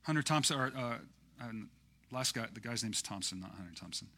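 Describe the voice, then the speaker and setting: Animated and a little fast, a male pastor with a mid-range voice preaches in a loose, conversational way full of fillers. His sermon climbs into loud, impassioned peaks.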